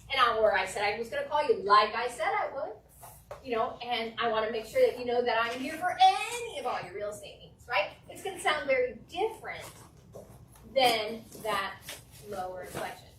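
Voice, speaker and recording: A woman with a higher voice teaches a live class on real estate negotiation, acting out client phone calls in a lively way. She is recorded from a distance in an echoing room, with faint noise behind her. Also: moderate pace. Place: classroom with an audience.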